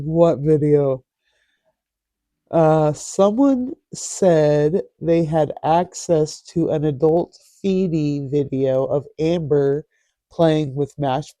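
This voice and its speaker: A man's voice: fairly high pitch, warm tone, no room sound. A man hosting a casual commentary vlog, reading posts aloud in a sarcastic, mocking way. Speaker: host.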